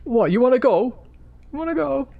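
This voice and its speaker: A man doing a mocking impression of a brash young male pop star picking a fight, with a squeaky, high-pitched voice. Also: expressive, a little fast, creaky, phone-quality sound, full character voice. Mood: mock-aggressive. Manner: mocking, mimicking street slang.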